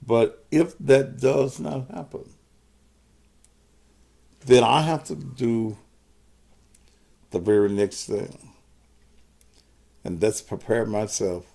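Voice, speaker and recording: A man's voice: lowish voice, warm tone. A man hosting his own live stream, talking to commenters in a profane, combative way. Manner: profane, combative, cusses out viewers. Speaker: host of his own show.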